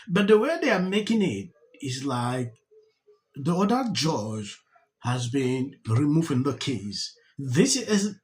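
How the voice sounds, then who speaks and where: A man hosting a commentary channel, talking earnestly and with emphasis about a news story. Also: poor audio. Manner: earnest, emphatic, pitch rising and falling.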